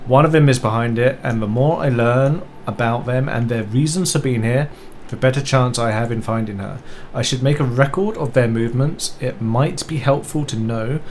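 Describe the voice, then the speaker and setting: A man's voice: mid-range voice, normal speed, a little mellow, a little hiss or hum. A man streaming a mystery game, reading its text aloud and adding casual asides.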